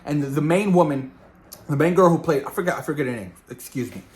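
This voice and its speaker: A man talking through a movie he just watched, loose and rambling, with a voice pitched a little above the usual for a man. He stumbles over and repeats words and slips into quick impressions of what people said. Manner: animated, rambling, repeats words, acts out quotes. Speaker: movie reviewer. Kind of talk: casual film review vlog.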